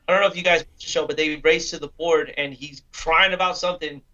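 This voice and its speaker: Brief: male co-host, slightly high, sharp bright voice, blunt opinions. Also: fairly even intonation, fast, muffled recording. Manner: blunt, profane, dismissive. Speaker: podcast co-host. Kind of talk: casual sports talk.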